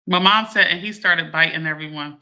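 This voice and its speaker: A woman, hosting a livestream and chatting to her viewers in a lively way, laughing often. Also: sits low, brisk. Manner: animated, laughing, addresses viewers as y'all. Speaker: livestream host. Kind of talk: casual chat to a live audience.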